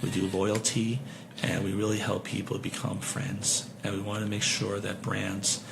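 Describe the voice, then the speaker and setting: A man imitating a dull male software salesman who pitches in a flat, monotone, slow voice. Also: vocal fry, background noise. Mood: droning.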